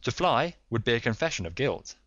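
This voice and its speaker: A man reading a calm, stern middle-aged detective who speaks in a measured, authoritative way. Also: mid-range voice, no echo, muffled recording, voice pushed up. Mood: confident.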